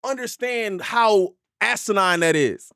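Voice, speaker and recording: Animated male reaction streamer, high and lively, dry sound. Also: slow, vocal fry, clean tone, dry recording. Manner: animated, repeats himself, laughs often. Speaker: hip hop reaction streamer. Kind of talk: live stream reaction commentary. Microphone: desk mic.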